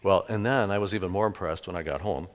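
Middle-aged pastor preaching in an echoey church. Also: male voice, sits low, fast talker. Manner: storytelling, with sudden loud emphases. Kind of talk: sermon. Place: church sanctuary. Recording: echoey church hall with long reverb.

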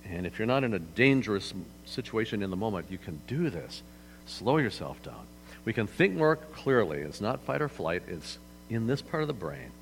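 A man's voice: on the low side, sing-song, normal speed, creaky. A man preaching a sermon as pastor in a church hall, conversational, often turning to the audience with questions. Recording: hall reverb, faint mains hum.

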